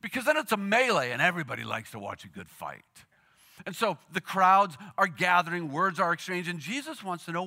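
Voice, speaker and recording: A man preaching a sermon in a lively, conversational storytelling way, acting out the characters as he goes. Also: high voice, fairly quick. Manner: animated, conversational storytelling with acted quotes. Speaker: pastor.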